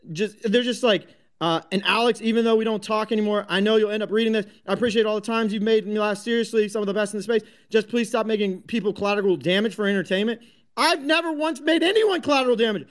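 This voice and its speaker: Casting: high-pitched male host, combative, foul-mouthed rant. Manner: combative, heavy swearing, many restarts. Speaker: host of a crypto talk space. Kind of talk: profane live audio-room rant.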